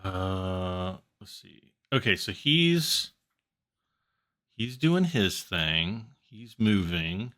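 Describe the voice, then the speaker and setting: A man hosting a farming game video, chatting casually and thinking out loud as he plays. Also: deep voice, sing-song, drawn-out words. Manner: chatty, thinking aloud while playing. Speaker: gaming channel host. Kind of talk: casual gameplay commentary.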